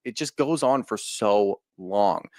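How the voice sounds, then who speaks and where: A young man with a somewhat low voice co-hosts a reality TV podcast in a casual, blunt way. He rambles through strong opinions, heard dry and close on the mic. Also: takes it slowly, darkish tone, no room sound. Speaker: podcast co-host.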